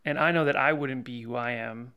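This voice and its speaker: A man co-hosting a casual podcast, talking in a relaxed, rambling way. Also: mid-range voice, fairly quick, smooth. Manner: relaxed, rambling, lots of fillers. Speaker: podcast co-host. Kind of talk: casual chat.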